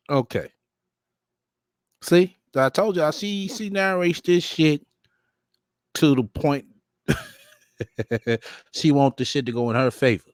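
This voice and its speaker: A man runs a live stream, mocking a clip and reading viewer comments aloud between bursts of laughter. His voice is mid-pitched and dry, right up on the mic with no room sound. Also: dry recording. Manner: profane, mocking, laughs often, reads chat aloud.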